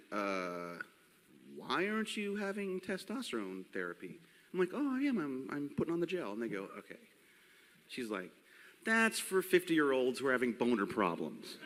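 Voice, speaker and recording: A man's voice: a little high, very animated, normal speed, fairly bright tone, in a large hall. A man in his forties with a cracking, unsteady voice, telling crude jokes on a convention panel stage. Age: 40s. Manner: joking, rambling, crude. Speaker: panel host. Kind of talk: comedic live panel talk. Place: convention stage before a crowd. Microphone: handheld mic.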